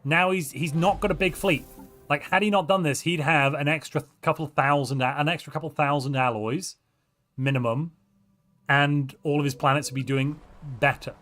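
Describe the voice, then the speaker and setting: A man casting a live strategy game tournament stream, commenting on players and reading chat aloud with excitable asides. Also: a little high, moderate pace. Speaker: tournament caster.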